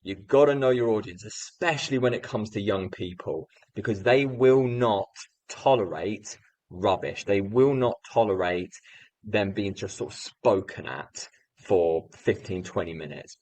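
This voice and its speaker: A man in his thirties from the UK, a guest telling a teaching story in animated anecdotal style. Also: on the low side, measured pace, no room sound, rough recording. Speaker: guest speaker. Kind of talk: storytelling in a podcast interview.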